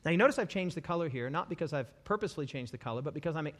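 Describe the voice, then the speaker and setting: A male preacher giving a sermon to a live congregation, animated and repetitive, dropping humorous asides. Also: fairly high pitch, rapid-fire. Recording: long hall reverb.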